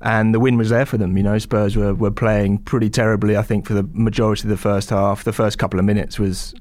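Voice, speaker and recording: A man's voice: on the low side, level tone, fast talker, a little mellow, dry recording. Hesitant, thoughtful football reporter, man. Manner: thoughtful, hesitant, many restarts. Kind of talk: casual podcast discussion.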